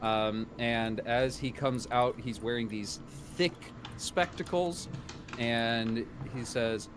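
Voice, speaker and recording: A man running a tabletop game as game master, narrating in a relaxed, descriptive way. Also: mid-range voice, slow pace, noisy background.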